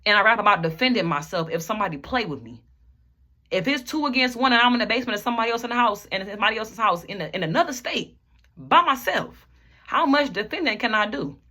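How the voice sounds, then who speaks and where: Emotional rapper telling a story, bright voice. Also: medium pitch, animated. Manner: emotional, rambling, fills nearly every phrase with "like"; repeats phrases, at times rushed. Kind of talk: personal storytelling to camera.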